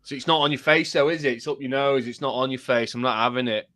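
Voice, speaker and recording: A man co-hosting a casual podcast, an animated storyteller who swears freely. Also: medium pitch, fast, crowd noise. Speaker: podcast co-host. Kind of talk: casual chat.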